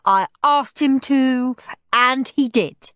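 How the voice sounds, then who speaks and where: A woman voicing a cheeky, mischievous young boy who is loud, boastful and gleeful. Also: sits high, slow pace, dry recording, studio quality, voice pushed up.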